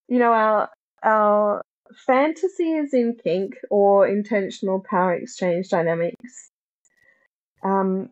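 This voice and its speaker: A woman speaking as a podcast guest, reflective and thoughtful, often pausing to search for the right words. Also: mid-range voice, a little mellow. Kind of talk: reflective conversational discussion. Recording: dull lo-fi sound.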